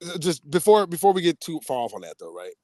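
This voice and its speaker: A man talking casually on a podcast, his voice sitting a little high and jumping far higher when he gets excited. He tells stories in an animated way and laughs often. The sound is dry and close, with no room around him. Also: fast, no room sound. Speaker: podcast co-host. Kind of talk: casual chat.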